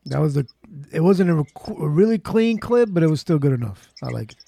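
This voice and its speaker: A man hosting a morning show in casual banter, with drawn-out reactions and laughter. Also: a little high, very animated, creaky, mellow, a little hiss or hum.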